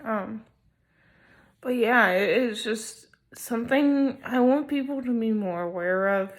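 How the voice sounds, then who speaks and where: Young woman vlogger, sleepy and halting, a bit high-pitched, slow delivery with lots of ums. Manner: slow, hesitant, many ums. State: sleepy, not fully awake. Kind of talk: casual personal vlog talk.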